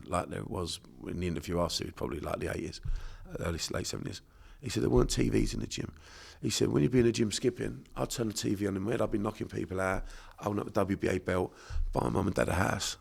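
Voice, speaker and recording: A man's voice: on the low side, vocal fry, breathy edge. A man from South London with a South London accent, a guest on a casual podcast interview, talking in a blunt, sweary, emphatic way. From Bermondsey, London. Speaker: podcast guest, unconscious mind therapist.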